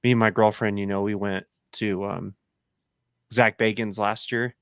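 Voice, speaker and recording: A man's voice: fairly low pitch, fairly even intonation, a little slow, fairly bright tone, clear, resonant tone, no room sound, studio quality. A young man hosting a podcast, asking questions in a casual, hesitant way. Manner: easygoing, hesitant with fillers. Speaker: podcast host. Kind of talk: casual interview chat.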